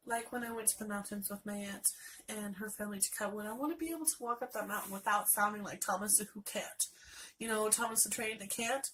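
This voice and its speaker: A woman's voice: medium pitch, a bit bright, slight background noise, low-quality recording. A woman in her late twenties, a vlogger, telling a story to camera in a rambling, chatty way and acting out what others said, congested from a sinus infection. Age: late 20s. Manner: chatty, rambling, acts out quoted people.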